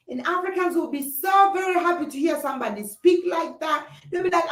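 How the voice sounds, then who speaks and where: A young woman with a high voice hosts a livestream, pressing her points with emphatic, repeated phrases and answering viewer comments. She sits well back from the mic in an echoey room. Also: expressive, a little fast, hardly any pauses. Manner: emphatic, repetitive rhetorical phrasing. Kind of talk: impassioned opinion talk. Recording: roomy, distant mic.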